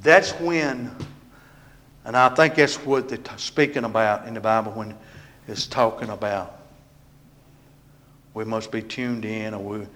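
A man preaching a sermon in a church, moving between loud proclaiming and hushed, almost whispered passages. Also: fairly low pitch, unhurried, pauses often.

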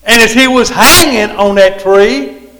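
Slow high-voiced preacher in a hall. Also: male voice, bright, forceful tone. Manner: rambling, repetitive preaching that swells and drops. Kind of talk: sermon. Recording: reverberant hall.

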